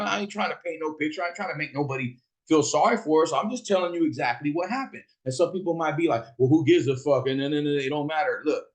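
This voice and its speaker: A middle-aged man from Fresno tells a story of his own in a loose, unscripted monologue. His voice sits a little high for a man. He swears freely and jumps into the voices of the people he is quoting. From Fresno, California. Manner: profane, animated, acts out quoted voices. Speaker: host telling a personal story.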